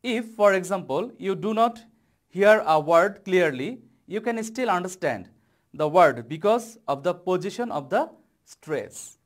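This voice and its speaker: A Bangladeshi man delivering a televised English lesson to students. His voice sits high for a man, and he talks at an unhurried, measured pace, punching out the important words. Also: expressive. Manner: slow, deliberate explaining with stressed key words. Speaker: English teacher.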